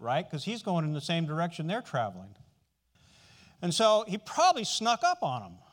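Male preacher, fairly high voice with a lot of movement; conversational sermon delivery, checks in with listeners. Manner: conversational, asks the listeners questions.

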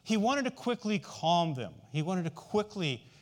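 A man's voice: high voice, sing-song, unhurried. A man preaching a sermon in a conversational way, often asking the listeners questions.

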